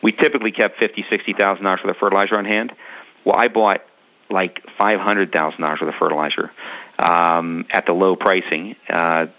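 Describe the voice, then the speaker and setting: A man's voice: sits low, fairly even intonation, brisk, bright, forceful tone, dull audio. A man casually telling a long personal story in an interview, rambling with many ums and restarts. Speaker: business owner telling his story.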